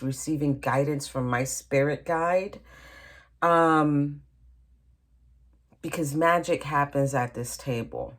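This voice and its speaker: Woman, low voice, tarot reader, casual chatty reading, talks straight to the viewer, seated at a table. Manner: chatty, addresses viewer directly, frequent "okay?" and "honey".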